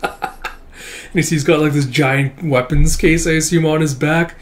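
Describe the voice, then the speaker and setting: A man's voice: a little high, measured pace. A man hosting his own channel, talking casually through a comic chapter with lots of "uh" fillers and easy chuckles. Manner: relaxed, many "uh" fillers, chuckles often. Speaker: manga reaction channel host. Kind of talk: casual read-through commentary.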